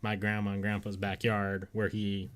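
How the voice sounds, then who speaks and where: Low-voiced laid-back man on a podcast. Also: monotone, normal speed. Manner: loose, profane, laughs often. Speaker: podcast co-host. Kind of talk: casual chat.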